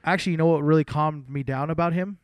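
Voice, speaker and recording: A man's voice: fairly high pitch, fairly even intonation, fast talker, dry recording. Rambling casual male podcast co-host. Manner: rambling, self-interrupting, laughs easily.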